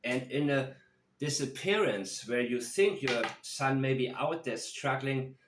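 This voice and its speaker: Man commentator, slow and deliberate, analytical, room echo on the voice. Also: medium pitch, noisy background. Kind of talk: true-crime video commentary. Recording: roomy echo.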